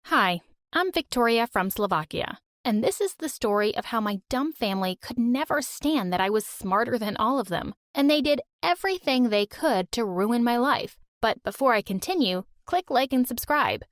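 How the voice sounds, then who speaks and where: A woman narrating a first-person story in a brisk, matter-of-fact way. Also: on the high side, lively intonation, no echo, clean studio sound.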